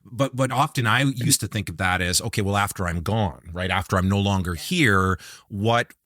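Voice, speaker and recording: A man's voice: fairly low pitch, normal speed, fairly bright tone, no echo, clean studio sound. A man hosting a podcast in a casual, thoughtful chat, with frequent "uh" fillers. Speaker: podcast host.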